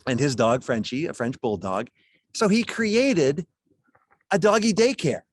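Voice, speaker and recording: A man's voice: on the high side, lively intonation, unhurried. Chatty man presenting wines on a video call. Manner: chatty, folksy, chuckles while he talks. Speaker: wine presenter at a charity gala.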